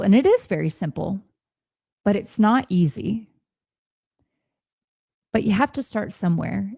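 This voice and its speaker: Woman in her 40s coaching her podcast listeners, gravelly fry in her voice, dry close sound. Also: medium pitch, mellow, dry recording. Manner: earnest, encouraging, speaks directly to listeners. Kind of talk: reflective coaching talk.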